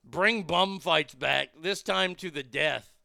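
Gravelly, bright-voiced man ranting profanely. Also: fairly high pitch, slow, dry recording, clean studio sound. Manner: angry, crude, blunt, heated. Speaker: streamer reacting to a news clip. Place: in a car.

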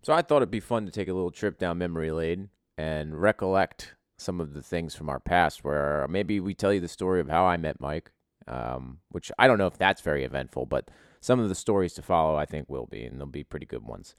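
Man, podcast host, low voice, lively swinging pitch, dry close sound, crude joking storytelling. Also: a little fast, no echo. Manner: profane, joking, animated.

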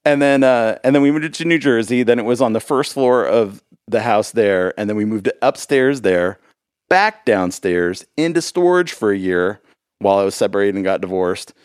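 Guy on a podcast rambling thru a story, laughs a lot, lowish voice, dry close sound. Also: lively intonation, normal speed, clean tone, no room sound. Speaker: podcast guest, musician. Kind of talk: casual chat.

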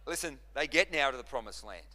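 A man's voice: mid-range voice, expressive, a little fast, sharp tone. A man preaching a sermon as pastor, impassioned, repeating and restarting phrases as he drives his points home. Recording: long reverb of a large hall.

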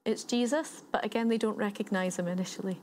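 A woman's voice: medium pitch, fairly even intonation, quick pace, darkish tone, a little hiss or hum. A woman giving a sermon, retelling a story in a conversational way and building points through repetition. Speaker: preacher.

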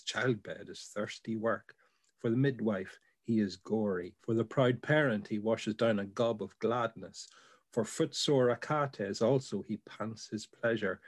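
A man discussing poems in conversation and then reading a poem aloud in a measured way. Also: mid-range voice, darkish tone. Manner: brief agreeing replies, reads aloud with measured phrasing.

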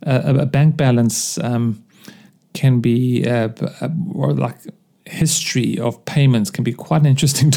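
A man's voice: medium pitch, fairly even intonation, moderate pace, creaky, dark tone. A man hosting a solo podcast, talking casually in a rambling, self-deprecating way with lots of fillers. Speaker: podcast host.

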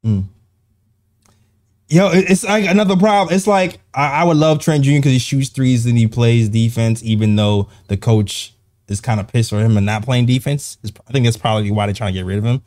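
A man's voice: mid-range voice, a little mellow. Rambling male basketball show host. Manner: loose, rambling, quick to laugh. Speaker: podcast host. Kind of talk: casual basketball chat.

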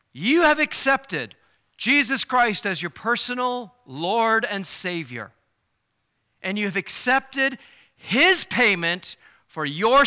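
A man preaching an evangelistic sermon to a gathered congregation. He swings from loud, impassioned peaks to hushed, slow pleading. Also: sits high. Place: church or meeting hall with a live congregation.

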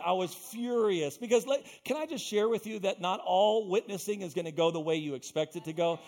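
A young adult man preaching a sermon as pastor, telling stories with loud bursts and quiet asides. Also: sits high, a little fast, few pauses. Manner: animated storytelling, swinging between loud bursts and quiet asides.

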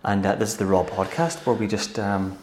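A man's voice: on the low side, little pitch movement, fairly quick, a little mellow, a little hiss or hum. An Irish man co-hosting a podcast, teasing in a dry, ironic way. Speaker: podcast co-host, wedding photographer. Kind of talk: casual chat. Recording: echoey room.

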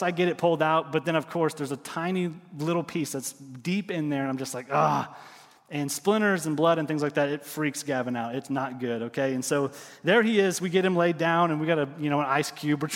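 A middle-aged man preaching a sermon, telling stories with lively swings and dropping to quiet emphasis. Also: on the high side, fast talker, big-room sound. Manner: animated storytelling, drops to quiet emphasis. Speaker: pastor.

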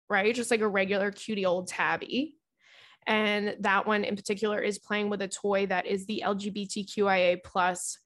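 A woman who is a comedian and podcast host chats loosely on her show, rambling as she reads listener letters. Her mid-range, fairly bright voice is full of "like" and casual swearing.

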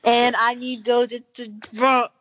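A woman co-hosting a podcast, chatting playfully about music and quick to laugh. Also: on the high side, level tone, a bit bright. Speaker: podcast co-host. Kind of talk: casual music chat. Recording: dull lo-fi recording.

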